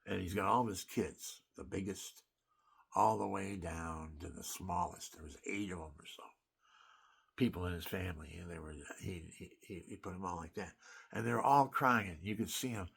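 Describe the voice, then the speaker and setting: Older veteran guy, low rough voice, rambling off the cuff, keeps restarting. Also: animated, moderate pace, fairly bright tone. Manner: emphatic, wandering storytelling with restarts. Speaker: military veteran. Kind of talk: rambling spoken monologue.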